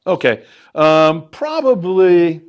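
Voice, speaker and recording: A middle-aged man hosting a fishing show, answering audience questions and telling anecdotes on a handheld mic at a live event. He talks loosely, with fillers, and his pitch jumps up for emphasis. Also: sing-song, slow. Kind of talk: live Q&A storytelling.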